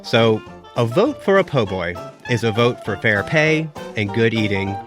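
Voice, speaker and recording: A man pitching his case on a podcast with a playful, theatrical, drawn-out storytelling manner. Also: big pitch swings, music in the background. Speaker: reporter and debate guest.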